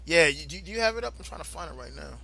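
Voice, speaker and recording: A man hosting a casual podcast chat, loud and emphatic, swearing often and breaking into laughs. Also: fairly high pitch, lively intonation, racing, creaky, crowd noise. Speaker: podcast host.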